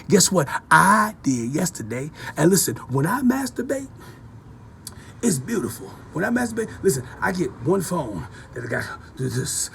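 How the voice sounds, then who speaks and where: A man delivering a loud, rambling, profane rant to camera in a preachy tone, repeating himself as he goes. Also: fairly high pitch, vocal fry, slight background noise. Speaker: vlogger.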